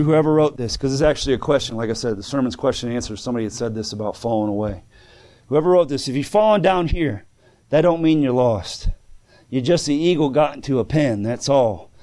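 A man preaching a sermon that answers written questions, telling folksy stories in plain speech and swinging between soft pleading and fervent calls. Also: mid-range voice. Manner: folksy plain-spoken storytelling.

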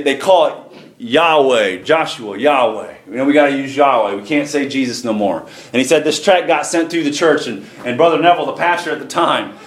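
A man preaching a sermon as pastor, plain-spoken, folksy and earnest. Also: a little high. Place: church sanctuary. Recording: roomy echo, faint ambient noise.

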